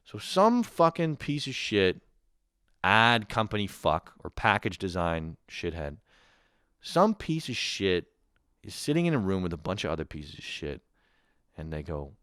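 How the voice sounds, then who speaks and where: Profane, animated man ranting in a dry room. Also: low-pitched, measured pace, clear, resonant tone, dry recording. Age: 30s. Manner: profane, exasperated ranting with acted-out quotes. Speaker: podcast host. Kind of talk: comedic rant.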